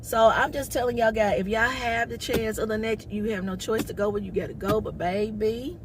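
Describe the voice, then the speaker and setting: A woman comedian telling a story to her viewers in a sassy, loud, casual way. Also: fairly high pitch, fairly even intonation, moderate pace, noisy background. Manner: sassy, loud, calls viewers baby and honey.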